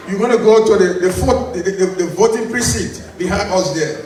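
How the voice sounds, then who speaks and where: A man's voice: sits high, normal speed, darkish tone. A man, firmly repeating instructions as an election commissioner at a convention meeting. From Liberia. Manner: firm, repetitive, giving instructions. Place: large convention hall. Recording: very echoey hall, far from the mic.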